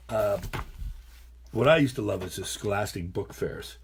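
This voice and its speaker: A man's voice: on the low side, lively intonation, normal speed, slight background noise. A middle-aged man, a teacher, reading picture books aloud to his class with playful, chatty asides.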